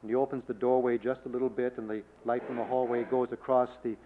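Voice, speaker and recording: A man preaching a measured sermon, rising to emphatic declarations in quoted scripture. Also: medium pitch, little pitch movement, a little hiss or hum. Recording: tinny phone-like sound.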